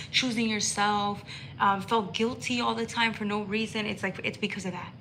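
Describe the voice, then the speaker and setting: Bright-voiced woman, emphatic tarot reader. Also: medium pitch, slight background noise, poor audio. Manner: emphatic and emotional, swears freely. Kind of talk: live-streamed tarot reading.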